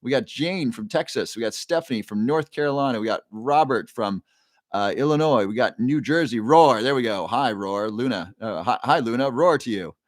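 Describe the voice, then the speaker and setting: Speaking at normal speed with an expressive, medium-pitched voice, a livestream host reads his viewers' comments aloud and greets them warmly by name, using frequent fillers. A new microphone captures clean studio sound without echo.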